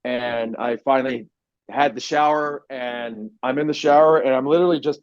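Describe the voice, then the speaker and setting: A man telling a personal story on a podcast, animated and swearing often, acting out what people said. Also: mid-range voice, moderate pace, clean tone, dry recording. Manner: animated, swears a lot, acts out quotes loudly. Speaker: podcast guest. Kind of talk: casual storytelling. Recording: dry, dull lo-fi podcast audio.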